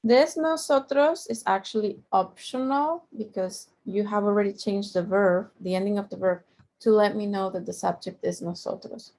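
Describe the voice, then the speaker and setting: A woman's voice: mid-range voice, normal speed, darkish tone. A middle-aged woman teaching a Spanish lesson, patiently repeating each point and drawing out the example words. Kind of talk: language lesson.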